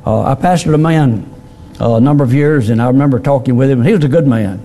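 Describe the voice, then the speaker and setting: A middle-aged male pastor preaching a plain-spoken sermon, often repeating words and pausing on fillers. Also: medium pitch, dark tone.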